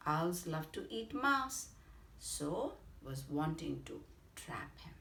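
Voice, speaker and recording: A woman with an Indian English accent narrating a bedtime story for children. She talks very slowly, with a lively, swooping pitch, and stops to explain words along the way. Her voice has a roomy echo.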